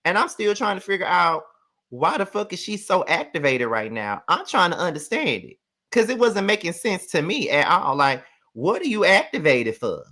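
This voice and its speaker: A man hosting a casual reality show recap, ranting in an animated, profane and sassy way. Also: high voice, moderate pace. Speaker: host.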